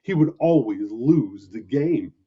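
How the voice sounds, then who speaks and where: A man reading a children's story aloud with animated, expressive narration. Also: mid-range voice, slow, breathy edge. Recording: dull lo-fi recording.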